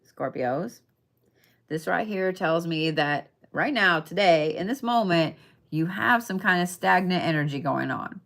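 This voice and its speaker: A slightly bright, lowish voice belongs to a young adult woman giving an informal, talkative tarot and zodiac reading. She makes her points emphatically, swears casually, and frequently checks in with "okay?"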